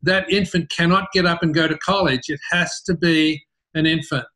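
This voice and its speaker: A middle-aged man with an Australian accent tells his business story in an interview, animated and often repeating words as he starts sentences. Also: a little high, moderate pace. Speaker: interview guest, business founder.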